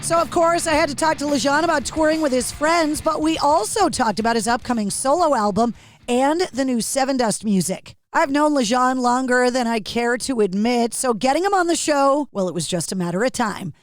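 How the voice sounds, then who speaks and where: Middle-aged woman host, high bright voice, dry room, chatty radio interviewer. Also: lively intonation, fairly quick, no room sound. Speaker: podcast host. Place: her radio studio.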